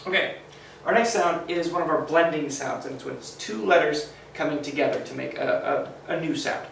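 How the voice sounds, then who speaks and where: A man's voice: a little high, gravelly, fairly bright tone, a little hiss or hum. A man teaching a phonics lesson to children, sounding out letters one by one and cheering the class on. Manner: slow, sounds out letters, encouraging. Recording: roomy echo, mic at a distance.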